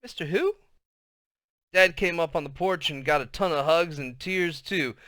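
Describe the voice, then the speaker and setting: A man reading a novel aloud as storybook narration, in a lively, expressive way. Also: fairly high pitch, normal speed, clear, resonant tone, dry recording, clean studio sound. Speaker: audiobook reader.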